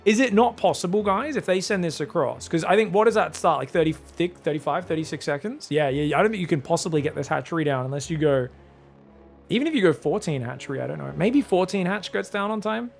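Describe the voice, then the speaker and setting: An Australian man giving casual solo play-by-play commentary on an esports match, chatty and thinking aloud, getting excited on big plays. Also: on the high side, fast talker, gravelly, soft background music. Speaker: esports caster.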